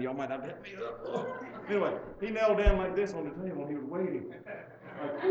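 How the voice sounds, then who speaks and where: An older man preaching a folksy sermon, telling stories and building up to loud urging. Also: high voice. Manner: storytelling, chuckling, rising to loud exhortation. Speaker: pastor. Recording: muffled lo-fi sound.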